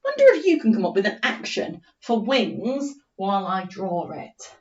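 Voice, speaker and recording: A woman's voice: mid-range voice, sing-song, reverberant, distant mic, dull audio. A woman teacher reading a story to young children and sounding out letters in an online lesson. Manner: slow, sing-song story reading with phonics sounding out. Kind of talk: remote primary school story lesson.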